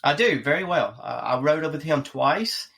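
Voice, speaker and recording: A man, a tour boat captain answering interview questions in an earnest, measured way. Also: a little high, lively intonation, vocal fry, a bit bright.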